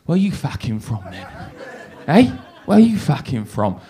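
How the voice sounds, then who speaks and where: A male comedian putting on the voice of a big, tough-looking man at a bar, low and gruff and swearing. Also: huge pitch swings, measured pace, mellow. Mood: menacing.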